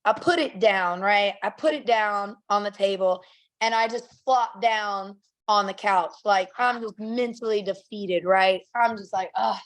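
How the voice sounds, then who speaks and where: A woman guest on a podcast, telling stories in a lively, blunt, profane way and laughing often. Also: mid-range voice, measured pace. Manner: acts out quotes in a raised voice. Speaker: guest, bare-knuckle fighter. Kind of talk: casual podcast chat, animated storytelling.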